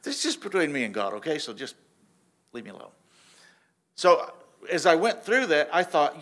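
Animated man preaching casually. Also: fairly high pitch, moderate pace, pauses often. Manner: casual, animated storytelling with frequent restarts. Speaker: pastor. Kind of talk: sermon.

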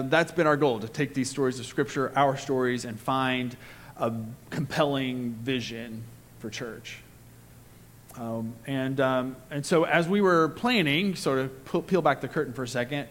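A man as pastor, talking in a reflective, halting way from the pulpit. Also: mid-range voice. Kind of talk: sermon.

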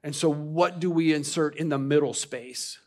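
A man's voice: fairly high pitch, normal speed. A man preaching a sermon as a pastor in a church, talking in a loose, conversational way with repeated restarts and rhetorical questions put to the congregation. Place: church sanctuary.

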